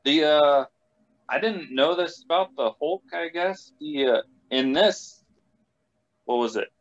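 Hesitant man, halting casual talk. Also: a little high. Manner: hesitant, halting, lots of restarts. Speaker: podcast regular. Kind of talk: casual chat. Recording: dull lo-fi sound.

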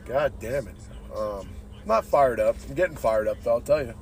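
This man hosts a podcast in an expressive, mid-range, darkish voice at normal speed, rambling casually, cursing a lot, and tossing "dude" at everyone. A little hiss or hum sits in the audio.

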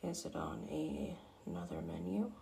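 A woman's voice: deep voice, steady tone, moderate pace, vocal fry, warm tone, slight background noise. A woman voicing a smug male martial arts teacher in a whispered role-play.

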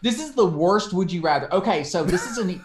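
A man with a fairly high, very lively voice co-hosts a comedy podcast, telling stories with lots of laughing and swearing. The sound bounces around an echoey room. His talk swings up and down as he gets into a story. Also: brisk, a crowd in the background. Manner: animated storyteller, laughs often, swears a lot. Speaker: podcast co-host. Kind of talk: casual comedy podcast chat.

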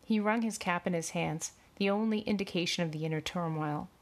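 An audiobook narrator with a fairly low-pitched voice reads a novel aloud. Her storybook delivery is measured and expressive.

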